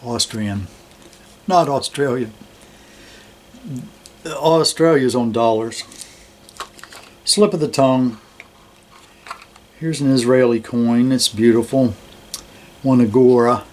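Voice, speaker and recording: An older man showing his coin collection in a slow, relaxed, admiring way, with many fillers. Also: medium pitch, a little hiss or hum. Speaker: metal detecting hobbyist host. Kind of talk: casual show-and-tell of a coin collection.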